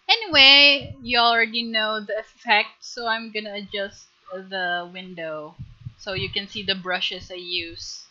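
A woman teaching a live drawing tutorial on stream, chatty and giggly, gently coaching her viewers. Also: medium pitch, slow, dull audio.

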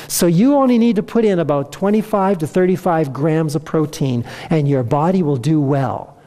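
A man's voice: on the high side, warm tone, long reverb tail. A man giving a health presentation to an audience, asking them rhetorical questions as he teaches. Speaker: health lecturer.

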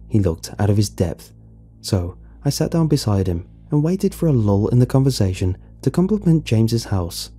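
Man, horror story narration, very dark tone, husky, lively pitch movement.

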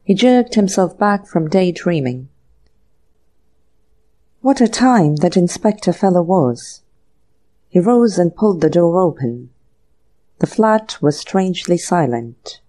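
A woman narrating a classic mystery audiobook in a measured storytelling manner. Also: lowish voice, animated, mellow. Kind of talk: scripted narration.

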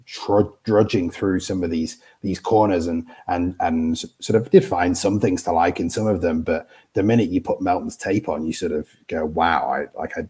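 A British man in his thirties speaks as a podcast guest, stumbling and restarting as he thinks aloud. His voice sits very low and has a husky, breathy edge. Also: moderate pace, hardly any pauses, mellow. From United Kingdom. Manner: hesitant, many restarts and fillers. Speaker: guest draft analyst. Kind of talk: casual podcast chat.

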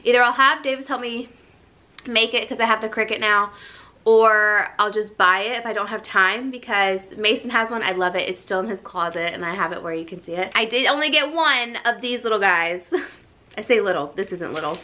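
A woman's voice: mid-range voice, a little fast, pushed and bright. A young adult woman vlogging in a casual, chatty way, out of breath, laughing often and filling her talk with "like" and "um". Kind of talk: casual vlog chat.

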